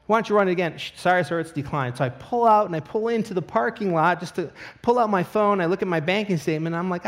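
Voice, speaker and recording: High-voiced man telling a funny sermon story. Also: fast talker, hardly any pauses. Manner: comedic storytelling, animated asides. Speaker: pastor.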